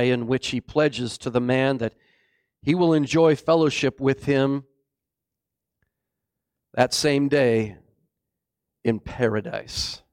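A man preaching a sermon, swinging between booming exclamations and hushed, low passages. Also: no echo, studio quality. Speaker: pastor.

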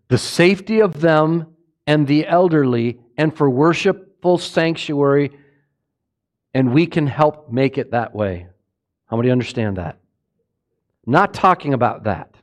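Impassioned high-voiced preaching man. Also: expressive, unhurried, pauses often. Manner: impassioned, rising and falling, asks the congregation questions. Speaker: pastor. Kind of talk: sermon.

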